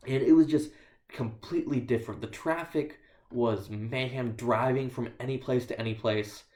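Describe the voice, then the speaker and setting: A man's voice: medium pitch, darkish tone. Echoey male missionary telling stories. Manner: storytelling with dry self-deprecating humor. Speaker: missionary speaker. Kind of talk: missionary report in church. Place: church sanctuary. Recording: echoey church room.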